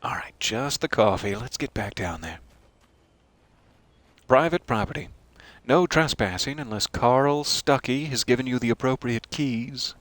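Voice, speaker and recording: A man's voice: mid-range voice, measured pace, fairly bright tone, dry recording. A male streamer doing let's-play commentary with puns and dry, sarcastic asides.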